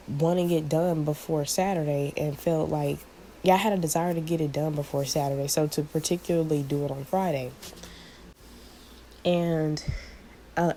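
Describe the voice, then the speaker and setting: A channel host with a low, warm voice shares a prophetic word with her viewers, calling them y'all. She rambles casually and searches for words, using lots of fillers in this spiritual vlog. The recording is low quality, with a slight hiss or hum.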